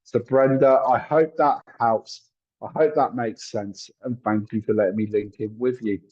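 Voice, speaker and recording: Husky-voiced man, chatty psychic. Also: mid-range voice, fairly even intonation, normal speed, dull audio. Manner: chatty, apologetic, thinks aloud with many fillers. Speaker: psychic medium. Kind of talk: live-streamed psychic reading.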